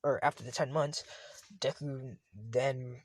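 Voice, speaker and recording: A man's voice: mid-range voice, steady tone, takes it slowly. A man casually retelling a fan story, rambling and often correcting himself.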